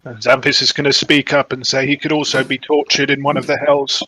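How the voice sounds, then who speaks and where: A man at a tabletop game, thinking out loud in a matter-of-fact way. His voice is bright and forceful, and the recording is dry. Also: mid-range voice, flat delivery, fairly quick, breathy edge, no room sound, low-quality recording. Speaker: player. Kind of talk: tabletop role-play.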